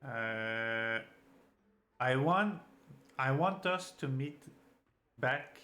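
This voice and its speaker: A young man speaking as a hosts a casual chat, full of restarts and eager swearing. His voice sits at a medium pitch for a man. Faint music runs underneath. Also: very slow. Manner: animated, stumbling, swears a lot. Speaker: host.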